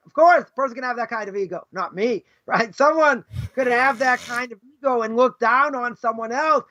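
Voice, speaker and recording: Male rabbi lecturing a class; very high, sharp voice, chatty and rhetorical, dull lo-fi stream. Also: normal speed, hardly any pauses. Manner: conversational, keeps asking "right?"; acts out imagined speakers mid-lecture. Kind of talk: informal Torah lesson.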